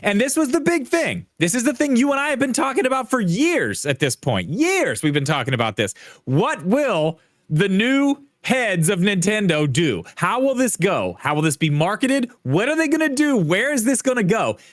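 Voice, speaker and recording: High, animated man ranting. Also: moderate pace, few pauses, dry recording, studio quality. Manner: profane, ranting, emphatic. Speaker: podcast co-host. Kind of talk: casual opinionated chat.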